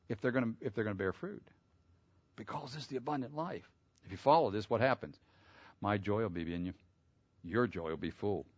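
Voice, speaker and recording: A man preaching a sermon. He reads scripture aloud, explains it, and builds to loud, emphatic peaks. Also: on the low side, moderate pace, dry recording. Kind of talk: sermon, expository Bible teaching. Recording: dull lo-fi sound.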